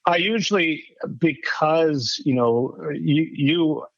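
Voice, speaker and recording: A man's voice: on the high side, slow, dry recording, highs cut off. A man, a pastor with counseling training, telling anecdotes on a church podcast in an easygoing way. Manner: easygoing, anecdotal, with many fillers. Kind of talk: casual church podcast chat.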